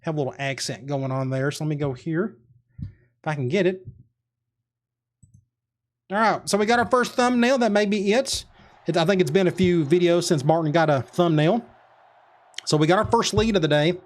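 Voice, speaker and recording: Chatty man muttering game play calls. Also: on the high side. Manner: muttering play calls to himself, quick reactions. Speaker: gaming commentator. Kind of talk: casual let's-play commentary.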